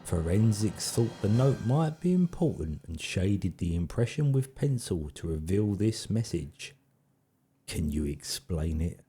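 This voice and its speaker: A man's voice: low-pitched, very animated, a little slow, warm tone, breathy edge, heavily acted. A man reading as a stern male police inspector in a murder mystery game, asking blunt, probing questions.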